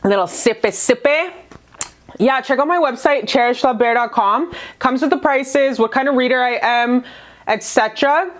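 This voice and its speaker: A woman's voice: sits high, normal speed. Gushing, foul-mouthed woman tarot reader. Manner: profane, gushing, affectionate street slang. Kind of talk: casual tarot reading to camera.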